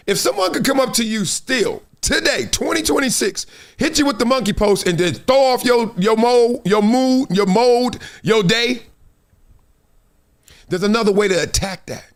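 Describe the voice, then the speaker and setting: Male host, live commentary; high, very lively delivery, emphatic and sermon-like. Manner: emphatic, preachy, conversational. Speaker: show host.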